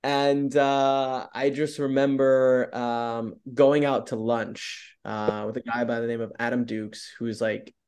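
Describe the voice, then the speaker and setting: An upbeat man talks as a podcast guest, open and candid. His voice sits at an ordinary middle pitch. He strings his stories together with a lot of "like". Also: little pitch movement, takes it slowly, hardly any pauses, a little mellow, clean tone. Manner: upbeat, open storyteller who leans on "like" a lot. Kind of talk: casual interview chat.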